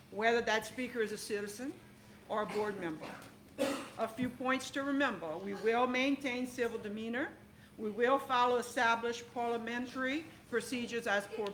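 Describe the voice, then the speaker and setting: A woman's voice: fairly high pitch, a bit bright, slight background noise, rough recording. A woman chairing a school board meeting, formal and procedural, with hesitant fillers as she reads the rules.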